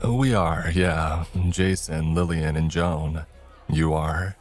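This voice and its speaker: A dry, watchful young man with a wry way of speaking, voiced by the male narrator in close to his own voice. It is very deep, with faint music behind the storybook. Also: steady tone, takes it slowly, a little mellow.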